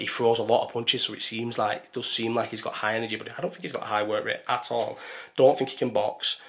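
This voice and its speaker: A man's voice: medium pitch, fairly bright tone. A young man in casual podcast chat, blunt and opinionated, swearing freely and restarting his sentences often. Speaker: podcast co-host.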